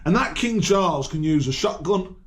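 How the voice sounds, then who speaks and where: Here the Birmingham-accented vlogger sounds higher-pitched and animated, moving at a moderate pace. He's a man from Birmingham, England, giving a loose to-camera monologue that rambles, curses, picks fights, repeats itself and keeps restarting.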